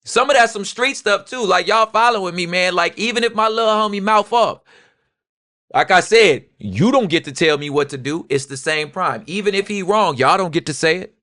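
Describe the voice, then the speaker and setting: A young adult man gives animated, casual history commentary. His talk jumps from low murmured asides to loud, heated bursts. The recording is dry and close, with no room sound. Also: normal speed, dry recording. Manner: animated, swings from quiet asides to loud street-talk outbursts. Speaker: podcast co-host.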